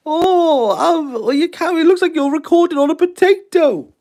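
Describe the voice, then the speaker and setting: A man putting on the voice of a whiny viewer who nitpicks his stream, in a high, mocking whine. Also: moderate pace, darkish tone.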